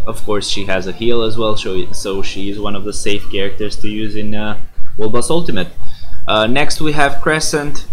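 Sleepy low-voiced man commenting on a game. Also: fairly bright tone, slight background noise, low-quality recording. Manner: rambling, many "uh" fillers and self-corrections. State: sleepy, yawning. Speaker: gaming YouTuber.

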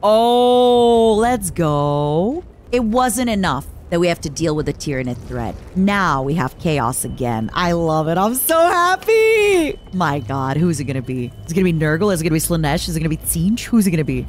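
A woman's voice: low voice, animated, fast, hardly any pauses, slight background noise. A young woman streaming a game, gushing and playful as she reacts and chats. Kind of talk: live gameplay commentary.

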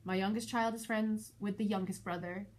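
A woman vlogger and mother telling a personal story in a casual, animated, exasperated way. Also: normal speed. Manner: animated, exasperated retelling with shifting pitch. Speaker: parent of school-age kids.

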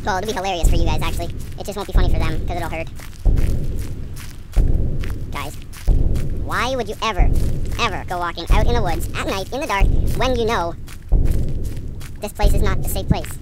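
A woman's voice: on the low side, a little fast, long pauses, heavy background noise. A woman playing a horror game for her channel, jittery and panicky, yelping and giggling nervously as she narrates. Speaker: gaming video creator. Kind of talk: horror game let's play. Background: loud creepy game music.

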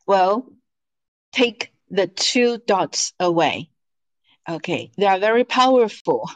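A woman leads an online lesson. She speaks slowly and patiently at a middle pitch, drawing out each syllable she demonstrates. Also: very animated, low-quality recording. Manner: slow, patient, with drawn-out modeled syllables. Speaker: Mandarin teacher.

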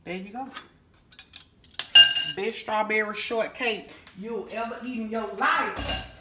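A woman's voice: mid-range voice, takes it slowly, heavy background noise. A woman hosting a home cooking vlog in her kitchen, folksy and exclaiming, calling her viewers honey and baby. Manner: exclaims and hums over the food. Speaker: cooking show host.

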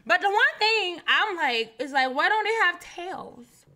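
A woman's voice: very high-pitched, lively intonation, unhurried, pushed and bright. A woman casually reacting to a game trailer in a chatty vlog, repeating herself and laughing easily.

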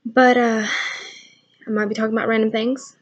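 A woman's voice: fairly high pitch, flat delivery, moderate pace, lo-fi sound. A young woman chatting casually on her own vlog, rambling through funny stories about kids and laughing as she goes. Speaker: channel owner.

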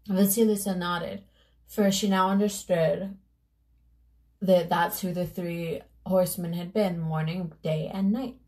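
Slow-paced woman telling a story. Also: lowish voice, steady tone, darkish tone. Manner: unhurried, loose reading with asides. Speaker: beauty vlogger. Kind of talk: casual storytelling while doing makeup.

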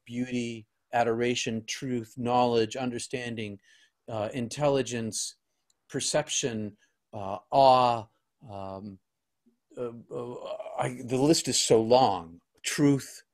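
A man, a guest on an interview show, telling a personal story in an earnest, halting way with frequent restarts. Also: mid-range voice.

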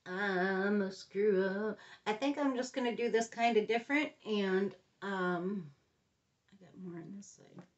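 A woman's voice: medium pitch, steady tone, normal speed, dull audio. A middle-aged woman giving a casual makeup review, chatty and rambling, often muttering to herself under her breath. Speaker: beauty vlogger.

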